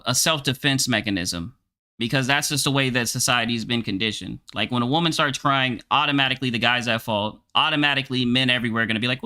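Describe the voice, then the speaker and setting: A man streaming his reaction to a podcast clip, loud and profane, mocking the people he talks about. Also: medium pitch.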